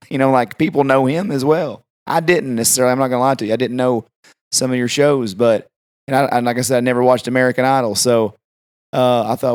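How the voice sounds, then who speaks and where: A man's voice: medium pitch, quick pace, clear, resonant tone, dry recording, clean studio sound. Easygoing dad-type guy hosting a podcast, chatty, lots of ums. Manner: relaxed, chatty, many fillers. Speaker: podcast host. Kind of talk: casual podcast conversation.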